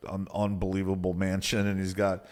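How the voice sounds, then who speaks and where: A man's voice: deep voice, completely flat delivery, a little fast, a little mellow. Male business coach, casual motivational presenter, conversational delivery. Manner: casual and conversational, often tossing in "right?" and "you know".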